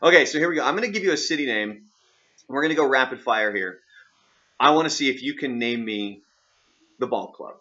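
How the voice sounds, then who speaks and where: A man's voice: medium pitch, animated, brisk, long pauses, sharp tone, lo-fi sound. A man from Oregon hosting a radio show, teasingly quizzing his co-host in casual banter. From Oregon, USA. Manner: playful, teasing quizmaster.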